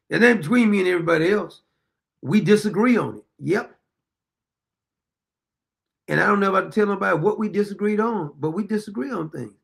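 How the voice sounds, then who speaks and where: A man's voice: sits high, animated, a little fast, vocal fry, long pauses. A blunt, emphatic man, talking in a casual monologue as a podcast host. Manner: blunt, emphatic, plain-spoken.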